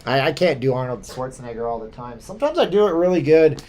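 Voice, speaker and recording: A man's voice: mid-range voice, expressive, fast talker, a little mellow, a little hiss or hum. A man hosting a casual live stream, reading viewer comments aloud and rambling with many fillers, chuckles and restarts. His voice sounds a little stuffy from allergies. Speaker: host of a live chat stream.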